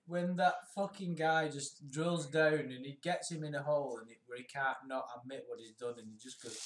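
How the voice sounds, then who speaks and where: A man co-hosting a casual chat show, laughing often, animated and sweary. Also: medium pitch, normal speed, hardly any pauses. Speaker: podcast co-host. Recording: roomy echo.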